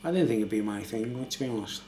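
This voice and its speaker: An older, slightly tipsy man rambles chattily through a late-night beer review at home, laughing a lot. He talks fast in an expressive, darkish voice on the low side, with a little hiss or hum in the recording.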